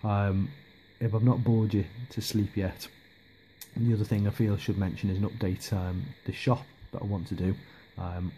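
Guy rambling about his hobby, low voice, lots of ums, faint noise behind. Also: little pitch movement, normal speed, dark tone. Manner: hesitant, lots of ums and restarts. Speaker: miniature hobby vlogger. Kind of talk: casual rambling update.

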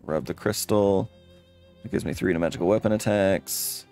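Gravelly-voiced man playing a game. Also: deep voice, moderate pace, a little mellow, soft background music. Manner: casual, reads game text aloud. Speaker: let's play host. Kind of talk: game playthrough commentary.

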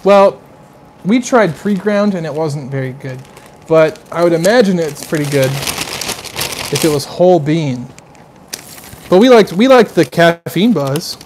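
A man's voice: a little high, expressive, a little slow, pauses often, background noise. A man hosting a casual live stream, gushing over what he tastes and chatting loosely with viewers. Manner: effusive, exclaims over tastes and smells; rambling, chatty asides to viewers. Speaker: livestream host.

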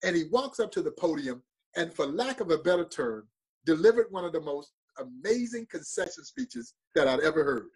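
A man's voice: fairly high pitch, big pitch swings, moderate pace, slightly rough. A middle-aged man, a museum president, telling an emotional story in an interview with earnest intensity. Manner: earnest, building to emotional peaks.

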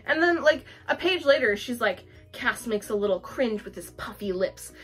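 A woman's voice: fairly high pitch, animated, normal speed, a bit bright, soft background music. A young woman giving a casual, profane book review, full of fillers and laughter.

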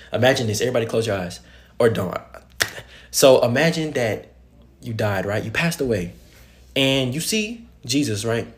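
A young man giving an impassioned, casual faith message, swinging between loud excited bursts and hushed storytelling. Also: mid-range voice.

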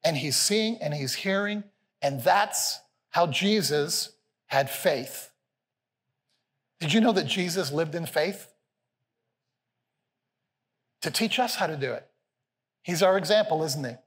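A senior pastor preaches to a live congregation in a big church hall. His voice sits a little high for a man and carries a long reverb tail off the room. He is animated and playful, voicing the quotes with a lift in pitch. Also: slow pace, long pauses. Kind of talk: sermon.

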